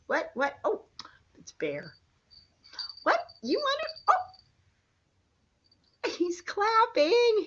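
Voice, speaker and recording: A woman's voice: high voice, fairly bright tone, dull audio, slight background noise. An older woman, a grandmother, reading a picture book to small grandchildren in a coaxing, sing-song way. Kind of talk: children's storybook reading.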